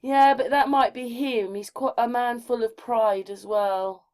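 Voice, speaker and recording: A woman chatting casually as co-host in a soft, conversational way. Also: on the high side, steady tone, measured pace. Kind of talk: casual chat.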